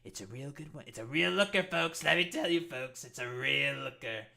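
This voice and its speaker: A man's voice: medium pitch, lively intonation, moderate pace, creaky, sharp tone, exaggerated voice. A man doing an impression of a blustering politician who boasts in superlatives and talks in a folksy, salesman-like drawl. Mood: boastful.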